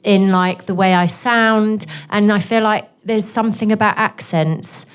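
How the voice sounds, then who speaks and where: A woman's voice: mid-range voice, fairly even intonation, measured pace, smooth. Chatty woman with a posh English accent. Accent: posh southern English. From Northeast England. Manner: candid, chatty, full of self-deprecating asides. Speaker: guest author. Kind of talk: answering audience questions at a live event. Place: bookshop event before a live audience.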